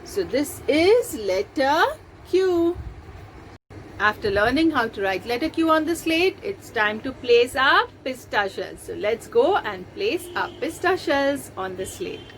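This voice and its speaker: A woman, teaching letters to young children in a slow, patient, step-by-step way. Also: high-pitched, very animated, a little hiss or hum. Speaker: nursery teacher. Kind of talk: recorded lesson for young children.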